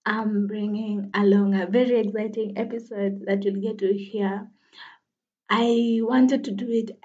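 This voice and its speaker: In her twenties, this woman hosts her own podcast and chats casually on her own, laughing often and poking fun at herself. Her voice is medium in pitch with a darkish tone, and the sound is lo-fi.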